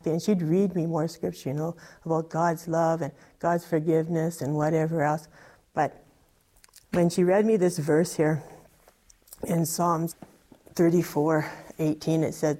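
Low, mellow-voiced woman. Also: fairly even intonation, measured pace. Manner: earnest, rambling with many fillers. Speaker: testimony speaker. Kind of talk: personal testimony.

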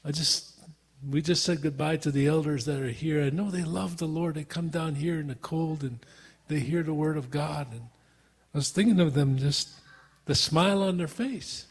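A man's voice: a little high, normal speed, slightly rough. A man preaching a sermon with earnest, repeated rhetorical questions, in a church hall. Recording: long reverb of a hall.

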